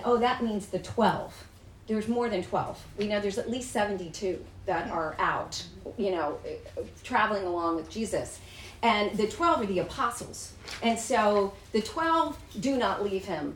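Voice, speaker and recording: A woman leads a small-group Bible study in a room, explaining the text chattily, asking the group questions, and reading passages aloud. Her mid-range voice sounds reverberant and far from the mic, with slight background noise and poor audio.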